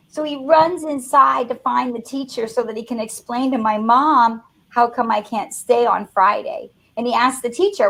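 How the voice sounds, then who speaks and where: A woman's voice: on the high side, normal speed, gravelly. A woman, a motivational speaker telling a childhood story in a webinar conversation and acting out the voices in it. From Canada. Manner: animated, acts out voices in her stories.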